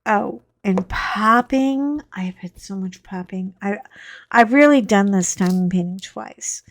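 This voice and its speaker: A woman's voice: mid-range voice, measured pace, dry recording. Chatty middle-aged woman. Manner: chatty, rambling, animated storyteller. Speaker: crafting channel host. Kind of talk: casual storytelling while crafting.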